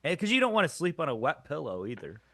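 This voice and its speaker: A man's voice: fairly high pitch, wildly swooping pitch, quick pace, fairly bright tone, no room sound. A young man co-hosting a comedy podcast, rambling through stories and laughing at his own jokes. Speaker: podcast co-host. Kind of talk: casual comedic chat.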